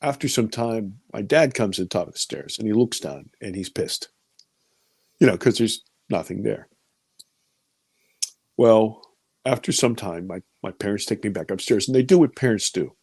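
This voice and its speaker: Man in his 50s, interview storyteller, gravelly, dry close sound, vivid and repetitive. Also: fairly low pitch, moderate pace, darkish tone, no room sound. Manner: vivid storyteller who repeats words when caught up in the story. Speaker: interviewee recounting an encounter. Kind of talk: personal storytelling testimony.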